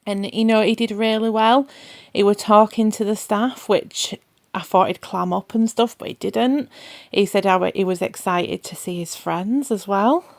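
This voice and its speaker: A woman's voice: mid-range voice, a little slow, dry recording. A woman, chatting casually to her phone camera for a family vlog, rambling and laughing often. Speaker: family vlogger. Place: car, then home bathroom.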